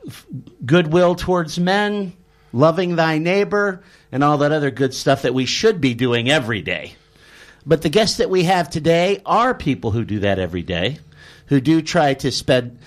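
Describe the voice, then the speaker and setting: Chatty, slightly high-voiced male radio host. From Chicago. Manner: rambling, self-correcting, chatty. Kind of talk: casual radio interview.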